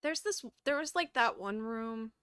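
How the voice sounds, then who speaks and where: A woman's voice: a little high, expressive, unhurried, a bit bright, smooth, no room sound. A woman streaming a horror game, casually chatting and reading on-screen text aloud, with the odd curse. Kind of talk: casual gameplay commentary.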